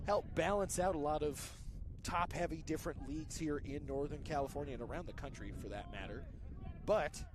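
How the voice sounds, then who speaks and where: A man calls a local soccer match in a high, light voice. He keeps up a friendly patter with joking asides and lifts his energy whenever play nears the goal. Traffic can be heard from the roads around the field. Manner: chatty, joking asides, rising excitement on attacks. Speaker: play-by-play commentator. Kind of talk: live soccer commentary.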